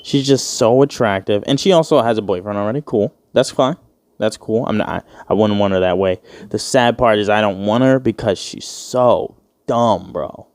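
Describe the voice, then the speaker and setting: A man in his twenties, hosting a casual solo podcast, rambles and jokes with lots of profanity and acts out quoted voices. His lowish, slightly mellow voice keeps a moderate pace. The recording is dry, with clean studio sound.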